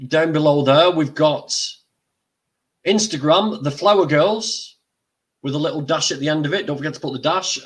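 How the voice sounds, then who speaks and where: An older man hosting a casual livestream, chatty and exclaiming, eating while he talks. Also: on the high side. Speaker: livestream host.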